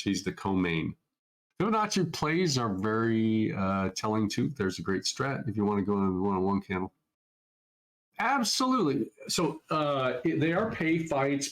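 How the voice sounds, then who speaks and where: On a rough recording, a middle-aged trading educator from Minnesota hosts a casual live Q&A, his voice on the low side. He answers viewer questions off the cuff in a loose, chatty manner.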